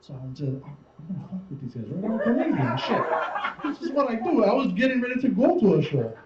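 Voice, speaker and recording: A man's voice: high-pitched, big pitch swings, fast, very noisy. A man doing a stand-up comedy set on stage, rambling and swearing as he acts out other people's lines. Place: comedy show stage before a live audience. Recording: distant, roomy, muffled live-show recording with crowd.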